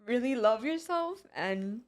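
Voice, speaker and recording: A woman's voice: a little high, expressive, unhurried. A woman in her thirties and a hairstylist, close to tears as she talks earnestly in a podcast interview. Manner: heartfelt, emotional, tearful. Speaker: hairstylist and business owner.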